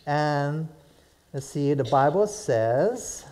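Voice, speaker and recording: A man's voice: on the high side, lively intonation, extremely slow, darkish tone. A middle-aged man from Hawaii preaching a sermon in a casual, conversational way, often putting questions to his listeners. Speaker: pastor.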